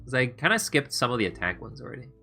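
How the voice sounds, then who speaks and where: A man's voice: mid-range voice, sing-song, quick pace, bright, forceful tone, soft background music. A man streaming a game, chatting casually with his viewers, rambling and laughing as he plays.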